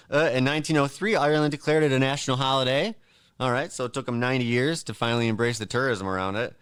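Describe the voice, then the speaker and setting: A man talks on his own as a show host, working through a list of facts and drifting off into wisecracks. His voice comes through smooth and clean, recorded close and dry with no room sound. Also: mid-range voice, a bit bright, dry recording. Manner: joking, rambling asides with frequent fillers and laughs. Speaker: podcast host. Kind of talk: casual solo monologue reading holiday facts.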